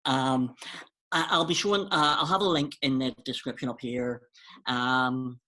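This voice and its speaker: A man's voice: mid-range voice, steady tone, unhurried, bright, forceful tone, low-quality recording. A man hosting a casual podcast, explaining a story with enthusiasm and plenty of ums. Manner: enthusiastic, explaining with many fillers. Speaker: podcast host.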